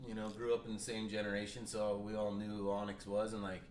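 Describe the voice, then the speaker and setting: A man, a rapper as guest, telling a story in a casual chat, animated and swearing freely. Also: on the low side, fast. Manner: animated, swears freely, acts out quoted phone calls. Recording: roomy with faint background noise.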